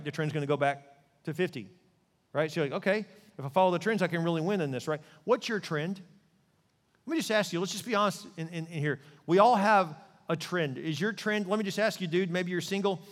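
A male pastor preaching a sermon in a lively way, often putting questions to his listeners. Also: on the high side, in a large hall. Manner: animated preaching, asks the crowd questions.

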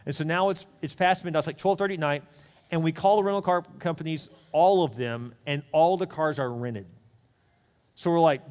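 A man's voice: on the high side, fairly quick, a little mellow, big-room sound. A man preaching a sermon, telling a candid personal story in a chatty, conversational way, with asides to the congregation. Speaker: pastor. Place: church.

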